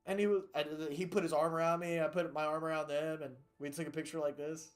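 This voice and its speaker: A man's voice: on the high side, level tone, fast, soft background music. A young man streaming a game, chatting casually and telling rambling, profanity-laced stories. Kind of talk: casual chat while gaming.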